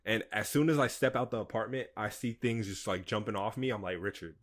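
A young man co-hosting a podcast, chatting in a relaxed, slangy way and quoting himself as he tells stories. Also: fairly low pitch, a little fast. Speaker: podcast co-host. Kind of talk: casual chat.

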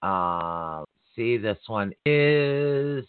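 A man hosting a live call-in psychic reading show, chatty and quick to laugh. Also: mid-range voice, animated, dry recording. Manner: chatty, warm-toned addresses, laughs often. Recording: dry tinny phone-line sound.

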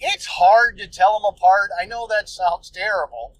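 A man's voice: sits high, moderate pace, fairly bright tone, no room sound, poor audio. A man hosting a solo podcast, telling a story in a loose, profane, ranting way. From United States. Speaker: podcast host.

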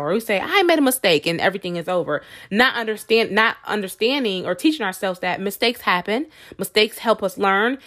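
A woman's voice: mid-range voice, fairly bright tone. A woman hosting a podcast, talking to her listeners in a casual motivational monologue. She fills her speech with "like" and "you know" and calls her listeners "y'all.". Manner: chatty, many fillers like "like" and "you know". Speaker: podcast host.

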